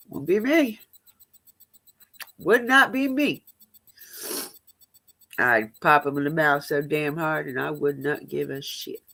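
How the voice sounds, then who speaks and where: Bright lady on a livestream just chatting, blunt, cusses a lot. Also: low-pitched, expressive, unhurried, vocal fry, long pauses. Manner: blunt, profane storytelling. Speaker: live stream host. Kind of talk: casual chat.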